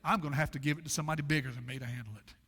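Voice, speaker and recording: High, bright-voiced preaching pastor. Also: male voice, steady tone, slightly rough, in a large hall. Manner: preaching with dramatic pauses and repetition. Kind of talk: sermon. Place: church sanctuary.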